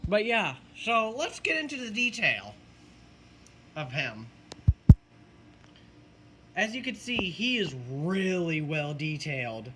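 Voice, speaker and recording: Slow, hesitant man reviewing a collectible. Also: high-pitched, very animated, background noise. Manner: unhurried, hesitant, with many filler words. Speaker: collector reviewing a Halloween animatronic. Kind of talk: casual product review.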